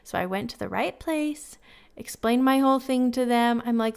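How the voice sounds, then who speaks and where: A woman's voice: on the high side, moderate pace, gravelly, a little mellow, smooth. A woman hosting a podcast, telling a candid, self-deprecating story in a casual, chatty way and giving friendly advice. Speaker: podcast host.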